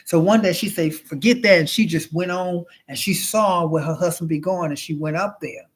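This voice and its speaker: A man's voice: fairly high pitch, steady tone, normal speed, husky. Flamboyant chatty man telling a story. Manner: flamboyant and chatty, calling the listener honey and child; rambling, with restarts and swearing. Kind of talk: casual storytelling monologue.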